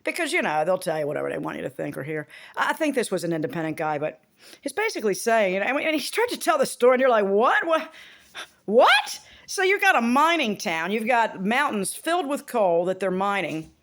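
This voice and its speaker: Animated, profanity-heavy woman ranting. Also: medium pitch, fast talker. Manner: rambling, profane and exasperated. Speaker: vlogger. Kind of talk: casual rant to camera.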